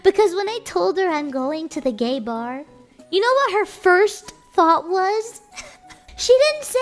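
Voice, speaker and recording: High-voiced, unhurried young woman streamer. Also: sing-song, faint music behind. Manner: chatty, playful storytelling. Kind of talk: casual chat.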